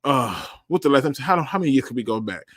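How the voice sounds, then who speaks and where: A man's voice: medium pitch, lively intonation, quick pace, a bit bright, dry recording, clean studio sound. A young man hosting a live sports talk show, bluntly answering chat questions and repeating words for emphasis.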